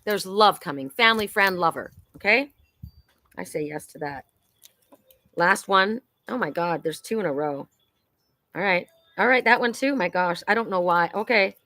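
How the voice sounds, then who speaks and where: A woman's voice: on the low side, expressive, moderate pace, pushed and bright, no room sound. A woman hosting a live-streamed oracle card reading, chatty and exclamatory, talking straight to her viewers. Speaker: psychic card reader and host. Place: home in Sedona.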